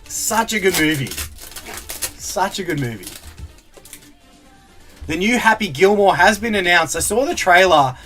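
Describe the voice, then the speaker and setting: A man with a high, light voice chats away casually on a live stream while he opens card packs. He reads out viewer comments and laughs easily, with faint music playing behind him. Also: expressive, a little slow, long pauses, pushed and bright. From Australia. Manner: chatty, laughs a lot, reads out chat comments.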